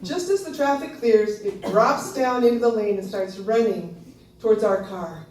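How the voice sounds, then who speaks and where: Speaking at normal speed, a woman in her fifties performs a personal story live in a small venue before an audience. Animated and frequently laughing, she jumps to a high squeal whenever she quotes herself, and the echoey space makes her sound a bit distant amid faint background noise.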